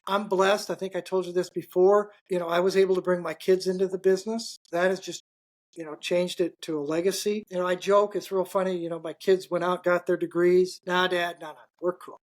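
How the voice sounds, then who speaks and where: A man's voice: sits high, little pitch movement, brisk, darkish tone. An older man, a business owner, chatting casually as a podcast guest and telling folksy stories with lots of asides. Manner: folksy and anecdotal, with many asides. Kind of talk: casual interview chat.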